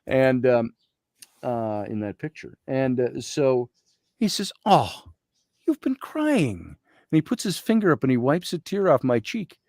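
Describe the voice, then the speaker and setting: A man guest, an Egyptologist, telling a story in conversation, animated and quoting others, and slowly reading aloud from a journal. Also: medium pitch, gravelly, no room sound, studio quality. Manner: animated storytelling with quoted voices.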